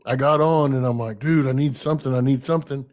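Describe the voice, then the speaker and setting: A man's voice: medium pitch, fairly even intonation, quick pace, darkish tone. A man in his thirties, a podcast co-host, ranting and joking with lots of swearing in casual sports betting chat.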